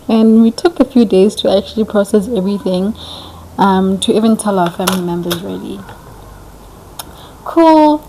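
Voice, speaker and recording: A woman's voice: medium pitch, normal speed, slight background noise, poor audio. Chatty young woman vlogger. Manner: animated, chatty, acts out quoted dialogue. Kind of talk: casual storytelling.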